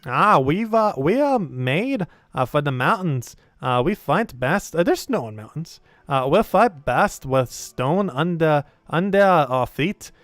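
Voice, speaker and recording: A man voicing a gruff, stubborn male dwarf warrior with a New Jersey accent, halting with many uhs. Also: a little high, very animated, a bit bright, no echo, studio quality, full character voice.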